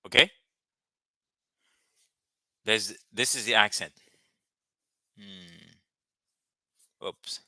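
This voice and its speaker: Slow, bright-voiced male language teacher. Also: lowish voice, dry recording, studio quality. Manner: patient, repeats words slowly for learners. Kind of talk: live online language lesson.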